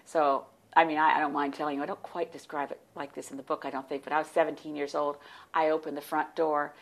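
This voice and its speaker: A woman in her sixties telling stories as a guest in an interview, animated and warm, with laughs. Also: sits low, quick pace. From United States. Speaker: guest, party leader. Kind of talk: storytelling in interview.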